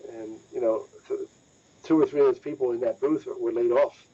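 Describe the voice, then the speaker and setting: A man's voice: mid-range voice, fairly even intonation, moderate pace, dark tone. A man hosting a motorsports podcast, talking casually and emphatically and repeating points for stress. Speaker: motorsports news podcast host. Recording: dull lo-fi audio.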